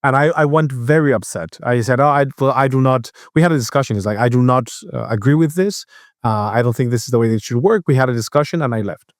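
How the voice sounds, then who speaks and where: A man's voice: mid-range voice, dry recording. Guy on a podcast telling a long work story, starts over a lot, dry close sound. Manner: storytelling, halting with restarts, acts out quoted voices. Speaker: podcast co-host. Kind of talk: casual chat.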